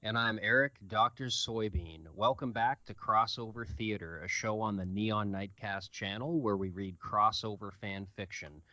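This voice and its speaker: A man with a bright, forceful and fairly low voice narrates fan fiction in a casual, easygoing way, stumbling now and then. The recording is dry and dull, like a lo-fi home mic. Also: normal speed, few pauses, dry recording. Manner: casual, with fillers. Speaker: host and narrator. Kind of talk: reading fan fiction aloud.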